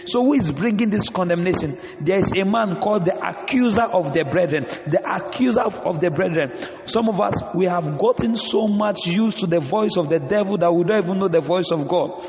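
A high-voiced male preacher with a gravelly rasp who repeats his points with emphasis and calls for responses. His voice rings through a large, reverberant hall, with soft music behind him and dull, muffled audio. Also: a little fast, background noise. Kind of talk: sermon. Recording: echoey hall, dull sound.

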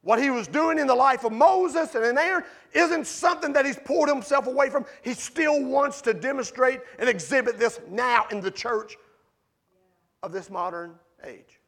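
A man with a very high-pitched voice delivers a sermon to his congregation. He moves between casual asides and passionate, shouted emphasis. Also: moderate pace. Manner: animated preaching, rising to shouts for emphasis. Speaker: pastor. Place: church sanctuary.

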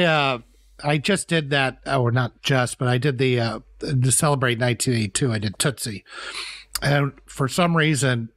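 A man's voice: medium pitch, dry recording. A man co-hosting a podcast, telling movie scenes in a casual chat and often laughing. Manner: animated storytelling with frequent laughs. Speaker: podcast co-host.

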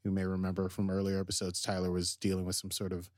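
A man's voice: low-pitched, monotone, quick pace, a little mellow, dry recording, clean studio sound. A man co-hosting a podcast, casually recapping an episode in a rambling way, full of fillers and acted-out quotes. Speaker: podcast co-host.

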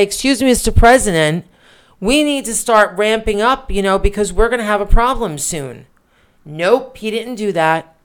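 A woman's voice: on the high side, clean tone. A woman co-hosting a political podcast, talking in an indignant, emphatic way with rhetorical questions. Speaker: podcast co-host.

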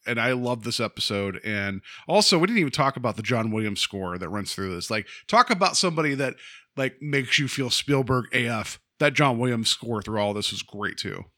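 An enthusiastic male podcast co-host with a bright, forward voice. He rambles, trails off and restarts his thoughts as he chats casually. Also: medium pitch, lively intonation, fairly quick. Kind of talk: casual film chat.

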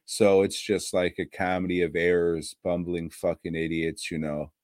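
A man's voice: low-pitched, flat delivery, normal speed, a little mellow, no echo, studio quality. A man co-hosting a podcast, chatting casually about horror movies, swearing constantly and laughing often. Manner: profane, rambling, laughs often. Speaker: podcast co-host.

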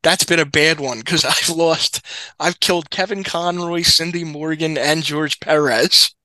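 A man with a bright, forceful voice trading wry stories on a podcast. He rambles through fillers and restarts. The sound is dry and close to the mic. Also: fairly high pitch, steady tone, measured pace, dry recording. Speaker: podcast co-host. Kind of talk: casual storytelling chat.

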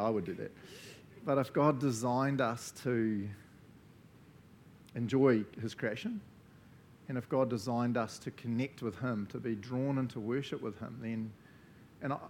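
A man in his thirties with a New Zealand accent, leading a relaxed church talk and prayer, chatty and often tagging his sentences with "eh?". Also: medium pitch, slight background noise. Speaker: church leader. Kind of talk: casual sermon with group discussion. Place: church gathering.

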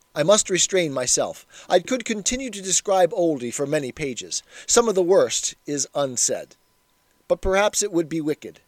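Man narrating a memoir, slightly high voice, wry and measured delivery. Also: a little mellow, dry recording. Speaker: reader.

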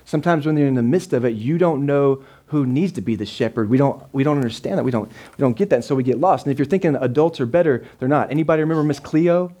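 Speaking fast with few pauses, a pastor with a mellow, medium-pitched voice preaches to a live congregation. His sermon is casual and repetitive, and he frequently checks in with "right?"

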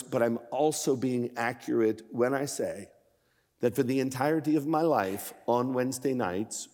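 A man in his sixties preaching a sermon as guest speaker, shifting from measured storytelling to impassioned, emphatic appeals. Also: medium pitch, darkish tone, in a large hall. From Pennsylvania. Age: 60s.

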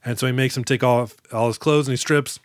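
A man's voice: medium pitch, steady tone, brisk, no room sound. Joking man retelling a movie, dry sound. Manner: joking storyteller, acts out scenes, swears freely. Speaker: podcast co-host. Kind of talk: casual movie-recap chat.

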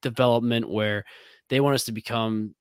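A man's voice: medium pitch, fairly even intonation, normal speed, smooth, no room sound. A man with a Midwestern American accent, a whiskey brand ambassador talking loosely in an interview, full of fillers and restarts. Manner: rambling, many fillers and restarts. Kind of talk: casual interview talk.

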